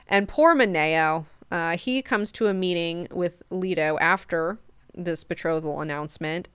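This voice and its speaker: A woman's voice: lowish voice, smooth, dry recording, clean studio sound. A woman hosting a book club, casually retelling and reacting, with frequent swearing. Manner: profane, animated, chatty retelling.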